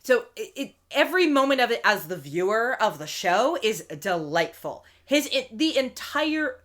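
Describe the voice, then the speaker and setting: A woman co-hosting a podcast, recapping in casual chat and acting out quotes with animated voices. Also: fairly high pitch, moderate pace. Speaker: podcast co-host.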